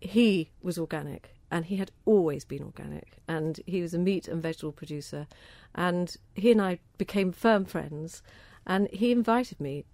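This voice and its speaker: Here a middle-aged woman from southern England, an organic food campaigner, is interviewed about her cause. Her voice sits fairly low and sounds mellow, moving at a moderate pace with few pauses, and there's no room sound. She answers warmly and enthusiastically in a chatty manner, tending to repeat words as each thought gets going.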